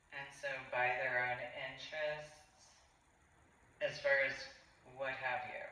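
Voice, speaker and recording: Slow, halting vlogger in an echoey room. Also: male voice, mid-range voice, bright, forceful tone, slight background noise. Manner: slow, halting, repetitive, with disdainful interjections. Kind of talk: rambling monologue to camera. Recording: very echoey room, speaker far from mic.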